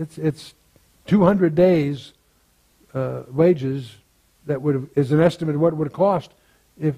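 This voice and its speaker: An older man teaching through a Bible passage verse by verse, reading scripture slowly and breaking off into chuckling asides. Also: a little high, mellow, slightly rough, low-quality recording.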